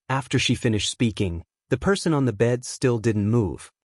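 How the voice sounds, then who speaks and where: A man narrates an audiobook in an expressive way, with a pitch that rises and falls a lot. The recording is close and dry. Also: normal speed, few pauses, no room sound. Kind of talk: scripted narration.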